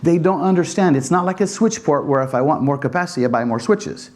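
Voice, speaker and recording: A man giving a conference presentation as a Wi-Fi design instructor, animated and acting out exchanges with customers. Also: fairly high pitch, quick pace. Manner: animated, acts out dialogues with customers.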